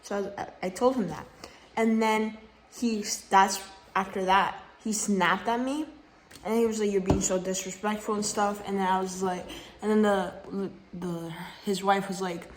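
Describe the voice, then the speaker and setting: A woman's voice: medium pitch, steady tone, moderate pace, slight background noise. A teenage girl telling a work story in a casual vlog into her phone, heated and slangy, full of fillers and swearing. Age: teens. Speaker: vlogger. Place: at home, just woken up. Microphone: phone camera.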